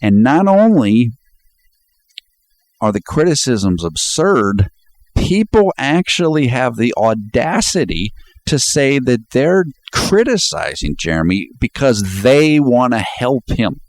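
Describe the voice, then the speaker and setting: A man's voice: medium pitch, big pitch swings, takes it slowly, no room sound. A man talking casually as he breaks down a video scene by scene, often chuckling while quoting lines. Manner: chatty, quotes lines with laughs. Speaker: commentator.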